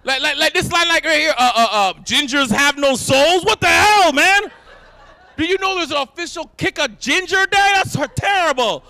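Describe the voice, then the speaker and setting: A young man from Canada doing a stand-up comedy set on stage, animated, laughing often and shouting punchlines. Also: extremely high pitch, normal speed. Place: event stage before a live audience.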